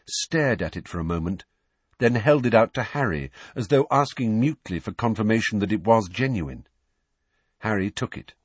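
A man narrating an audiobook in an expressive storytelling manner. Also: on the low side, slightly rough, no echo. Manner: expressive storytelling with many character voices. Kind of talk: scripted narration.

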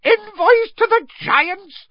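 A man's voice: high-pitched, sing-song, moderate pace, no room sound, pitched above the performer's own voice. A man voicing a stubborn, angry middle-aged male minister of magic who blusters pompously. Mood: outraged shouting. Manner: blustering, pompous, indignant shouting. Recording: dry, dull lo-fi recording.

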